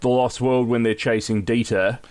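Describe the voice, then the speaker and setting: A man's voice: medium pitch, steady tone, normal speed, a little mellow. A man co-hosting a casual podcast chat, thinking aloud and humming along as he listens. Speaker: guest co-host.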